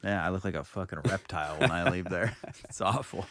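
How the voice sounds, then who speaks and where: A man with a very low voice rambles through a casual podcast chat, dropping the odd swear as he goes. The sound is close and dry, with no room around him. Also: brisk, fairly bright tone, dry recording. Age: adult. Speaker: podcast co-host.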